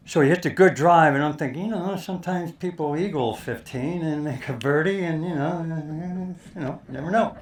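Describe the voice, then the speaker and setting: An older man telling a lively golf story to an audience, acting out the quoted lines. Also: fairly high pitch. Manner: animated storyteller, acts out quotes. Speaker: speaker telling a caddie story.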